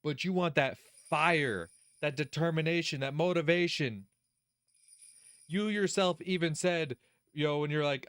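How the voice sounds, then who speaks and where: A man hosting a let's play, giving casual gaming commentary in an animated, profane way, laughing often and talking straight to the character. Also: on the high side, moderate pace, clear, resonant tone, dry recording.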